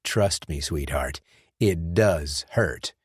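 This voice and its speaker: Casting: low-voiced male narrator as a sarcastic hard-bitten ex-soldier, measured delivery, audiobook. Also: animated, husky, no room sound, heavily acted. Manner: dry, sarcastic. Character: wry tough male ex-soldier.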